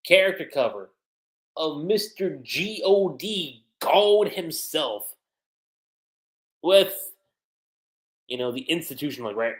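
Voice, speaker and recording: A man chatting through a manga chapter on a livestream in an unhurried, drawn-out way. His pitch moves up and down a lot, and his voice sounds roomy and echoey. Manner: animated, chatty, frequent laughter and fillers. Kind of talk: casual livestream commentary.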